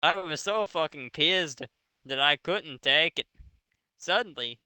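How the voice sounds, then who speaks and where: A man's voice: on the high side, expressive, a little slow, bright, forceful tone, clean tone, dry recording. A man doing a mocking comedic reading of a bad fanfic aloud to friends, swearing often. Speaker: reader of a fanfic.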